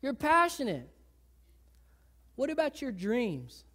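A woman pastor with a fairly high voice delivers a sermon in a church. She talks to her congregation in a conversational way, acting out the people she describes. Her delivery swings from loud, emphatic lines to hushed, low ones. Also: animated. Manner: conversational, acts out people in quick asides.

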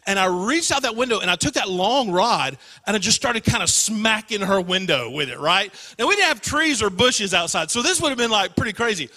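A young man, a youth pastor, preaching a sermon in a church, telling a story in an animated, self-deprecating way. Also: high voice, brisk, hardly any pauses, in a large hall. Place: church sanctuary.

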